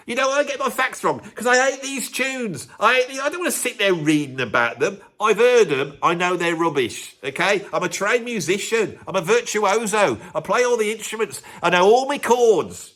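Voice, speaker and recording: A man's voice: sits high, lively intonation, moderate pace, hardly any pauses, a bit bright. A man, a musician hosting his own video channel, ranting in a mock-pompous, self-mocking way. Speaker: YouTube host and professional drummer. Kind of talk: sarcastic comedic rant to camera.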